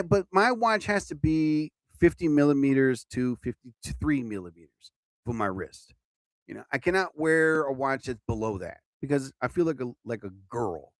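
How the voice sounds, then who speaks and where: A man's voice: on the high side, fairly bright tone, dry recording. A man hosting his own live stream as a comedian, chatting casually and rambling from topic to topic.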